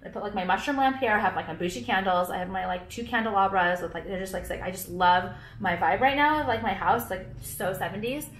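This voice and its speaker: A woman's voice: medium pitch, a little fast, hardly any pauses, slight background noise. A young woman chatting in a rambling, brash way, swearing freely and filling her talk with "like," as she shows off her purchases and products. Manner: brash, rambling, heavy swearing and filler words. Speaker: vlogger and small business owner. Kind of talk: casual haul vlog. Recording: echoey room.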